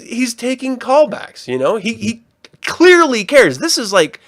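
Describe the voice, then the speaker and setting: A man co-hosting a casual fan podcast, animated and profane, often restarting his sentences. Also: very high voice, measured pace, dry recording, clean studio sound. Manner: animated, swearing, trailing restarts. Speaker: podcast co-host.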